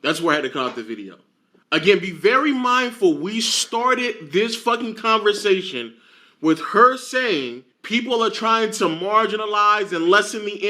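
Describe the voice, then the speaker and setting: A man arguing heatedly in a forceful, profane way and repeating his points. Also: high-pitched. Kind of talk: heated argument.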